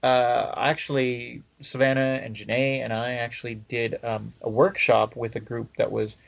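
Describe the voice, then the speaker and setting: A man hosting a podcast, chatting casually and rambling with many pauses and fillers. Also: medium pitch, level tone, gravelly, muffled recording. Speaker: podcast host. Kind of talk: casual chat.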